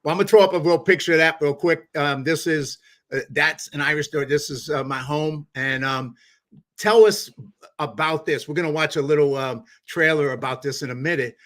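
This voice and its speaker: A man's voice: a little high, a little fast, a bit bright. A man hosting an interview, encouraging his guests and rambling with many fillers and restarts. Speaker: podcast host. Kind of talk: interview conversation.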